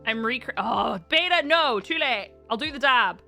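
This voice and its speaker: Giggly, lively woman streamer. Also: fairly high pitch, unhurried, creaky, faint music behind. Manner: giggly, animated, laughs often; coos in a soft baby voice to her pets. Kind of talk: casual live-stream chat.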